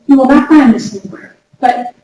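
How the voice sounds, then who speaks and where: A woman giving a lively workshop talk to an audience, chatty and direct, often repeating her words. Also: high-pitched, normal speed. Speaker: workshop speaker. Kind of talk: lively workplace wellness talk. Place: large room before an audience. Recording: echoey hall recorded from far off with noise.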